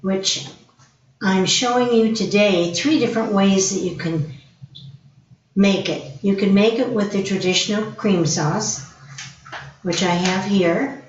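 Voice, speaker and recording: A woman cook demonstrating a pasta dish, explaining each step calmly. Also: mid-range voice, measured pace, pauses often. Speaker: guest cook. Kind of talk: cooking demonstration. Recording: roomy, distant, dull, faint hiss.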